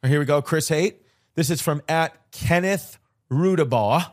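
A brash man trading jokes on a comedy podcast, his voice sitting a little higher than most men's. He talks in loose, casual banter and likes to tease. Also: steady tone, moderate pace. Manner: brash, joking, mocking banter. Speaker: podcast co-host.

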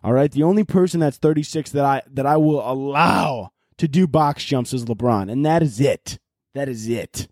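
A young man hosting a podcast, telling casual stories with lots of swearing and bursts of mock yelling. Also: medium pitch, moderate pace, dry recording, studio quality. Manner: animated, swears a lot, yells in mock rants. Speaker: podcast host. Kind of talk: casual storytelling monologue.

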